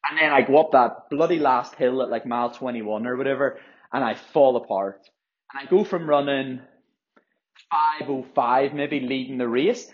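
A man's voice: mid-range voice, fairly even intonation, moderate pace, husky. A young man hosting a solo podcast, worked up and rambling with frequent swearing and restarts. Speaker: podcast host, runner. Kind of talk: casual solo podcast monologue. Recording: dull lo-fi audio.

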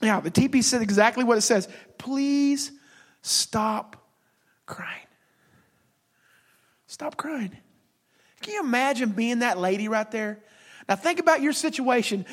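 A man preaching a sermon as pastor, emphatic and repetitive, swinging between loud declarations and hushed, whispered lines. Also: very high voice.

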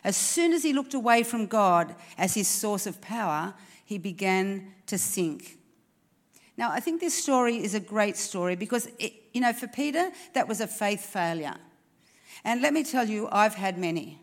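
A woman's voice: mid-range voice, expressive, a little slow. A woman preaches to a church congregation in an earnest, encouraging tone. She leans on rhetorical questions and direct appeals to her listeners. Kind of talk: sermon. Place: church service.

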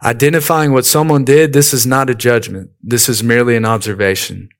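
A man preaching a sermon in a relaxed, conversational way, weaving in stories from his own life and often saying "you know". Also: mid-range voice, brisk. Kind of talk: sermon with personal storytelling.

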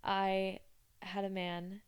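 A woman's voice: medium pitch, monotone, extremely slow, clean tone. A young woman hosting a podcast, chatting casually and with amusement as she retells odd customer stories. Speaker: podcast host. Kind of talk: casual storytelling monologue.

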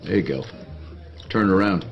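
A man's voice: low-pitched, moderate pace. An actor playing a male bartender in a comedy skit clip, delivering his lines matter-of-factly. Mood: deadpan. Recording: dull lo-fi clip over music.

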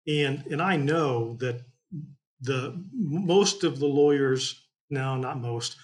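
A man from Indiana speaks as a trial attorney, telling a story in a relaxed, rambling way. He fills his sentences with ums and uhs, and his voice sits at an ordinary middle pitch. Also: slow. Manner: folksy, rambling with many fillers. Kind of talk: storytelling in casual chat.

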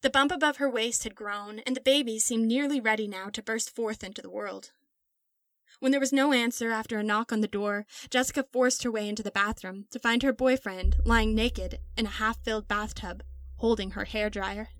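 A woman narrating a dark story in a measured, dramatic storytelling manner. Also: a little high, steady tone, dry recording. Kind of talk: scripted narration.

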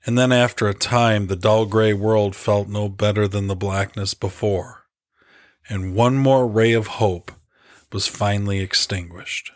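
A man narrating a devotional story in an earnest, reflective, measured way. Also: on the low side, steady tone, no room sound, studio quality. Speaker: preacher.

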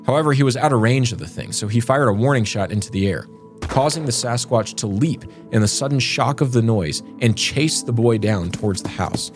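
A man's voice: mid-range voice, animated, a little fast, music in the background. A man co-hosting a podcast, reading a scripted eerie story and then chatting and joking with his co-host. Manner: dramatic storytelling, joking banter. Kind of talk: scripted narration then casual chat.

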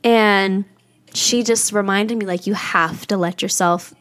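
A woman's voice: mid-range voice, steady tone, measured pace, a bit bright. A young woman hosting a podcast, talking candidly and confessionally in a rambling way, with many "like"s. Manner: rambling and confessional, heavy use of "like". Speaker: podcast host. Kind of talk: candid personal podcast monologue.

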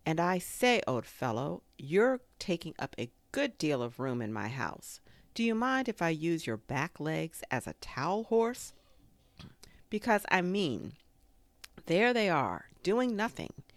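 A fussy, bossy rabbit, voiced by a woman reader, stern and matter-of-fact. The voice rises and falls a lot, low and slow, heard close and dry. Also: very animated, dry recording. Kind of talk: storybook reading.

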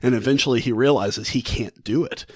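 A man casually retelling a classic short story with animated energy, laughing often and restarting his phrases. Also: medium pitch, fairly quick, dry recording, studio quality. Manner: animated, retells the story with mock-quoted thoughts. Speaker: book vlogger. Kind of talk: casual book discussion.

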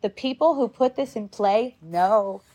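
Unhurried and medium-pitched, her voice is a little mellow with a breathy edge as this woman in her fifties chats with a group. Her talk wanders with frequent restarts, plenty of swearing, and lots of laughter.

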